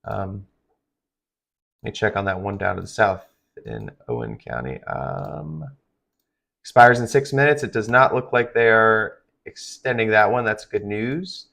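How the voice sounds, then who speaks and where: A man's voice: lowish voice, very animated, measured pace, vocal fry, bright, forceful tone. Tired man doing live weather coverage. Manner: rambling, filler-heavy, conversational. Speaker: livestream weather host.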